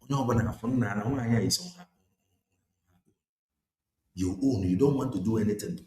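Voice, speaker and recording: A man's voice: lowish voice, a little fast, a crowd in the background. A man with a Nigerian Igbo accent preaching an impassioned political sermon, switching between English and Igbo. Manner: forceful, exhorting, mixing English and Igbo. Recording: echoey room with faint noise.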